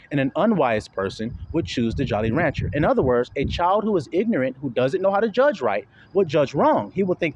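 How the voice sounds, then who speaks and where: A man preaching in a casual, slangy street style, switching between loud and hushed delivery and acting out the voices of his listeners. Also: on the high side, slight background noise. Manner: casual slangy talk with swearing.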